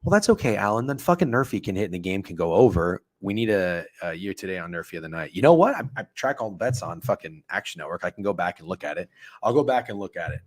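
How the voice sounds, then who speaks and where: A man in his thirties hosting a sports betting stream, talking casually and excitably with lots of profanity while reacting to his chat. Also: sits low, quick pace, no echo. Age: 30s.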